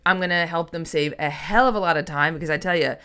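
Smooth-voiced woman podcast host. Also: sits low, quick pace, sharp tone. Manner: chatty, emphatic, puts on voices when quoting. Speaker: podcast host and business coach. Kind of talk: solo podcast monologue.

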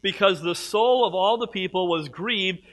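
A middle-aged man preaching a sermon, swinging from hushed, slow passages to loud, emphatic ones. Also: high voice, low-quality recording. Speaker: pastor.

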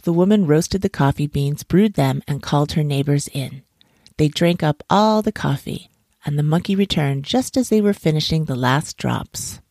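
Low, gravelly woman storyteller. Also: no echo, studio quality. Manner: measured, expressive reading. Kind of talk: storybook narration.

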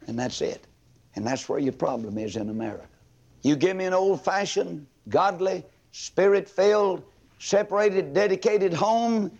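A male evangelist preaching a revival sermon in a fiery, emphatic storytelling way. His voice sits high for a man. It swings widely between loud peaks and low drops. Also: muffled recording.

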